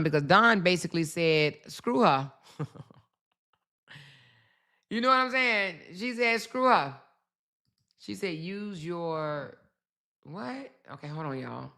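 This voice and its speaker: Blunt, profane woman with a bright voice. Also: on the low side, expressive, normal speed. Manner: blunt, profane, repeats herself, asides to viewers. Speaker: channel host. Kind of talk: casual livestream commentary.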